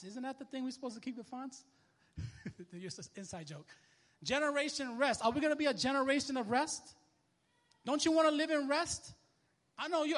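A young man preaching a sermon as a minister, telling a story in casual, animated street talk. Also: extremely high pitch, in a large hall.

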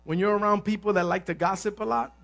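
A male pastor delivers a lively sermon. His voice sits very high and sounds bright. He drops to near-murmurs, then builds to shouted emphasis, often mimicking the people he describes. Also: quick pace, vocal fry. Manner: animated preaching, shifting from hushed asides to shouted emphasis; acts out complaining voices of others.

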